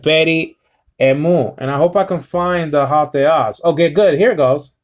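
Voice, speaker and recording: Man teaching scripture casually, halting and filler-heavy, slightly higher voice, stops to sound out Greek words. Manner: halting, many fillers, reading aloud slowly. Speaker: Bible teacher. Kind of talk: casual Bible lesson.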